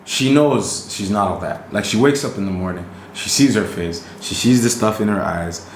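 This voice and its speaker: Male co-host, low voice, animated and emphatic, roomy room sound. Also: normal speed, slight background noise. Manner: animated, emphatic, keeps asking "right?". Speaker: podcast co-host. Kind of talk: casual podcast chat. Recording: roomy recording.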